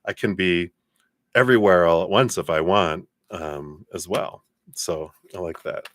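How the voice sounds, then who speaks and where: A man giving tarot readings on a live stream, relaxed and chatty, with many fillers and warm blessings to viewers. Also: low-pitched, measured pace, noisy background. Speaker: tarot reader.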